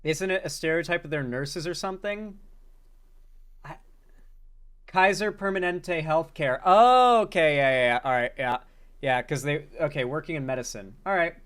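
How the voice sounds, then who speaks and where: A man's voice: fairly high pitch, normal speed, a bit bright, clear, resonant tone. A man reacting to comedy clips as a commentary host, talking bluntly and profanely with frequent incredulous outbursts.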